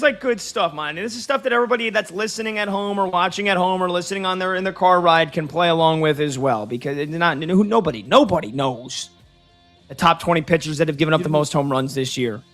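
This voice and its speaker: A man's voice: high-pitched, fairly quick, fairly bright tone, faint music behind. A man hosting a sports radio show, chatty and joking with his crew. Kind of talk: casual sports talk.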